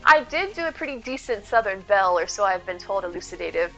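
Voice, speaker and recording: A woman's voice: mid-range voice, fast, lo-fi sound, soft background music. An adult woman streaming a game, chatting casually and answering viewers. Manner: chatty, reads chat aloud, lively. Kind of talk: casual chat while gaming.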